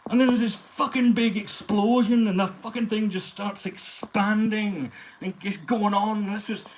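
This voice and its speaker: A man putting on the voice of a rowdy, drunk Glaswegian man who swears freely and speaks loudly. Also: high-pitched, steady tone, moderate pace, slight background noise, pitched above the performer's own voice, lightly acted, rough recording. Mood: boisterous. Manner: loud, sweary, exuberant.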